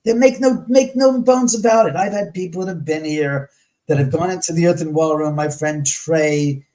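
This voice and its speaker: Guy guest on a talk show, kinda high voice, swears a lot, does everybody's voices in his stories. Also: normal speed, mellow, poor audio. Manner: blunt and profane, acts out quoted voices. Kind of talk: casual storytelling in conversation.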